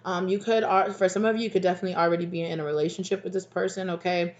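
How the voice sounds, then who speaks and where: A woman's voice: lowish voice, fairly even intonation, rapid-fire, a little mellow, muffled recording. A woman giving a casual tarot card reading in a rambling way, with many fillers and laughs. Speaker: tarot reader.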